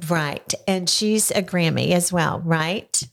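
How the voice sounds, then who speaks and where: An older woman hosting a casual podcast interview, gently coaxing answers with leading questions from a studio. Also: fairly low pitch, slow, vocal fry. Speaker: podcast host. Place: home studio.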